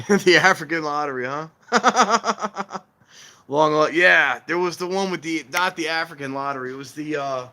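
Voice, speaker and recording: A man hosting a casual trainspotting stream, rambling and animated, acting out the voices of people he quotes. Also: on the high side, normal speed. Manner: warns viewers against scams. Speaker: railfan livestream host. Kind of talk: casual chat while filming trains.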